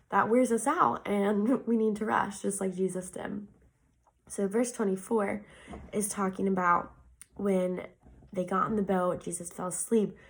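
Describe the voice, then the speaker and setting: A woman's voice: medium pitch, gravelly, low-quality recording. A young woman giving an earnest, casual devotional talk, speaking conversationally and often saying "like".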